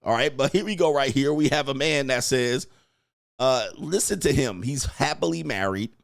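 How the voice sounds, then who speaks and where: A man's voice: mid-range voice, moderate pace, creaky. A man coaching and commenting on clips in a crude, mocking way, laughing often. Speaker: dating coach.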